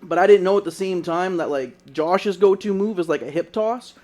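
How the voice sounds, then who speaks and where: A young man with a somewhat high voice tells a long story on a casual podcast. He rambles, stacking "like" after "like" and swearing freely as he goes. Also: normal speed, darkish tone. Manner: rambling, lots of "like" and profanity. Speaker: podcast co-host.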